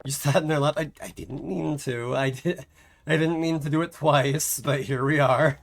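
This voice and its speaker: A man's voice: fairly high pitch, steady tone, normal speed, gravelly. A man streaming a game live, chatting casually in a rambling, self-mocking way and laughing often.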